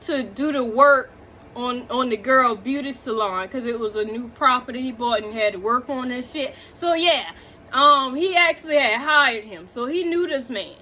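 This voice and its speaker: A woman recapping a movie in casual chat, animated and talking straight to her viewers, drifting off on tangents. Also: sits high, moderate pace, slight background noise. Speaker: movie reviewer.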